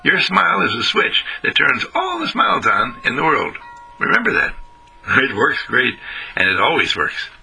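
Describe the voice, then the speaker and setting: A man giving an inspirational spiritual talk on the radio, with an animated, sing-song, emphatic delivery. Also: medium pitch, moderate pace, vocal fry, faint music behind, poor audio. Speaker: spiritual speaker.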